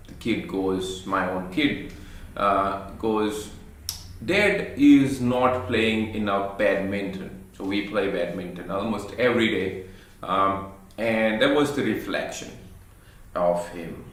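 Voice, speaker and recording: A man telling a personal parenting story as a thoughtful reflection, pausing with hesitant fillers. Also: low voice, fairly bright tone. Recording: very echoey room.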